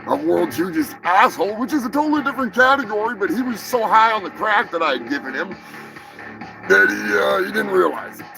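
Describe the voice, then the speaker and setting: A man hosting a live podcast, giving a profane mock apology that swings from slow solemn talk to shouted rage. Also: high-pitched, expressive, gravelly, over music, poor audio. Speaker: podcast host. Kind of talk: mock-apology comedy rant.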